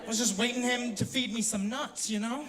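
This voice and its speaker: A young man doing a stand-up set in a university theater, brash and swearing, with sudden loud outbursts. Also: very high-pitched, fairly even intonation, brisk, heavy background noise. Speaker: stand-up comedian. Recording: roomy theater, distant mic, audience laughter.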